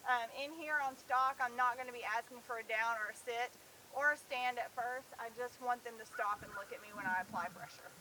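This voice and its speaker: Bright-voiced woman dog trainer. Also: a little high, fairly quick, slight background noise, poor audio. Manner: firm, plainspoken, steady explaining with calm commands to a dog. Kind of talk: instructional talk to camera. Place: outdoor livestock pen. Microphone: camera set up nearby, speaker at times moving away.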